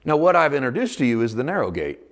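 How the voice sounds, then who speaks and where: A male pastor preaching a sermon in an animated way, acting out quoted voices and rising to emphatic bursts. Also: mid-range voice, fast.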